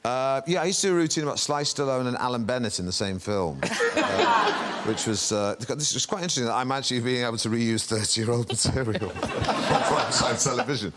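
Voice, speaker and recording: Comic, man, mid-pitched, animated wry delivery, noisy recording. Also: fairly quick. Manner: lively, wry anecdotes. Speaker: comedian. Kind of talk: comedy panel chat. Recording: heavy background noise.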